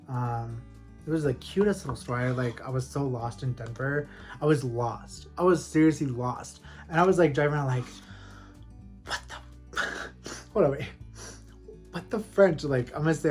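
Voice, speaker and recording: A man vlogging from home about his houseplants, telling stories in a loose, rambling, animated way. His voice sits at an ordinary middle pitch. He laughs often along the way, and soft music plays faintly behind him. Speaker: plant collector vlogger. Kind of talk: casual chatty storytelling.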